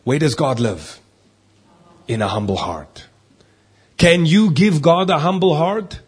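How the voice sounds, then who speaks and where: Preacher, male, husky tone, emphatic delivery with big swings in loudness. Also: on the high side, lively intonation, slow pace. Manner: emphatic, rising and dropping loudness for stress. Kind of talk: sermon.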